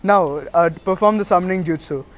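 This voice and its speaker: Cagey older sensei, eager and stumbling, full of uhs, fairly high-pitched, read by a man. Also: fairly quick, lightly acted. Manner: stumbling, filler-heavy delivery.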